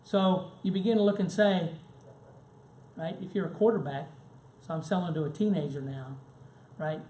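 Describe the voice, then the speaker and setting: Speaking at normal speed in a high, mellow, steady voice, a seminar presenter gives a chatty business talk in a seminar room. Anecdotes mix with frequent "right?" and "okay?" check-ins, and the echoey recording carries faint background noise.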